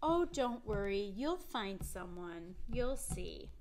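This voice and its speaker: Woman doing a gentle, reassuring storybook parent. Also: medium pitch, sing-song, slow, slight background noise. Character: kindly royal parent comforting a son.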